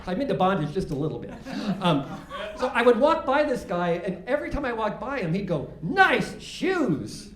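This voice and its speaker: A man's voice: high-pitched, big pitch swings, fairly quick, echoey room. An older man doing a stand-up comedy set, rambling and self-mocking, with many false starts.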